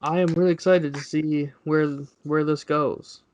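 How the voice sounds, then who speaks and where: A man co-hosts a casual podcast in a fairly high voice. He rambles through his points. He often retells what others said. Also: fairly even intonation, unhurried, slight background noise. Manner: rambling, recounts others in quotes. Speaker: podcast co-host. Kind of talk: casual wrestling chat.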